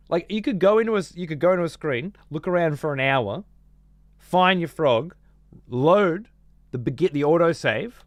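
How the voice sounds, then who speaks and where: A gameplay streamer with a voice on the high side, recorded with no echo, gives casual, profane commentary while he plays. He's sarcastic, talking both to himself and to his chat.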